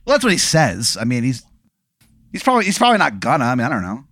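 A man's voice: medium pitch, huge pitch swings, fast, a bit bright, no echo, studio quality. A man casually spinning a made-up scenario, full of fillers and restarts, as a podcast co-host. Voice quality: rambling, filler-heavy storytelling. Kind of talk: casual comedic chat.

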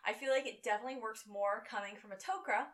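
A woman's voice: on the high side, fast talker. A woman co-hosting a casual podcast, recapping a TV episode and acting out characters' lines. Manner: animated, acts out characters' lines. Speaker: podcast co-host.

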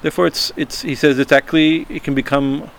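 A man giving an informal spiritual talk, halting and repeating himself, often checking in with a quick "right?" and chuckling as he explains. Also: fairly high pitch, fairly even intonation, gravelly, slight background noise. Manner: halting, repeats words, frequent "right?" asides. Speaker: spiritual teacher.

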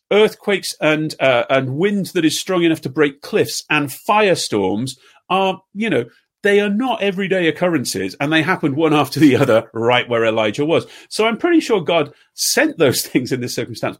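A man in his fifties preaching a sermon, earnest, asking repeated questions and dropping to soft tones at times. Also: fairly high pitch, husky. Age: 50s. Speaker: pastor.

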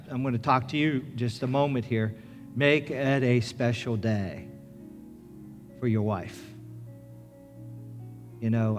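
A middle-aged man, a pastor, preaching a sermon in an earnest storytelling manner, rising to loud excitement as the story builds. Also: medium pitch. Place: church sanctuary. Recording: reverberant church with music.

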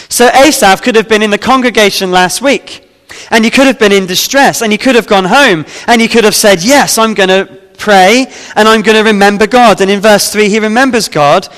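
A man's voice: sits high, fairly bright tone, long reverb tail. A man preaching a sermon, reading scripture aloud and then explaining it with frequent fillers and restarts. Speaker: pastor.

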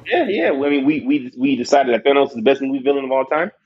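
A young man hosting a podcast, chatting casually with a guest, animated and swearing freely. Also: medium pitch, fast talker, breathy edge, lo-fi sound. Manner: animated, swearing, laughing often. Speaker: podcast host. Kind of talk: casual chat.

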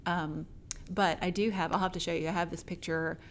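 A woman's voice: lowish voice, steady tone, a little fast, a little hiss or hum. A woman co-hosting a casual podcast chat, talking in a rambling way with lots of asides. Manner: chatty, rambling with fillers and asides. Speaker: podcast co-host.

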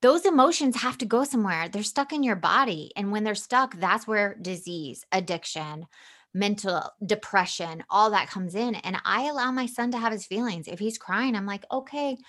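A woman's voice: medium pitch, moderate pace. A woman guest on a podcast talking candidly and earnestly about feelings and parenting. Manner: candid, earnest, animated when quoting. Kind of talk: casual chat.

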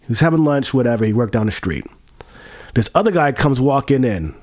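A man's voice: mid-range voice, animated, fairly quick, a little mellow. A man who works as a bartender tells a profane story in casual chat, laughing along as he goes.

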